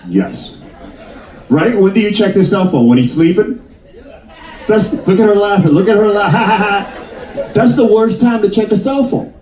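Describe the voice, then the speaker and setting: A man in his 50s does stand-up in a cruise ship theater, his fairly high voice picked up from a distance with a roomy, off-mic sound. Animated and jokey, he works the crowd by teasing the audience.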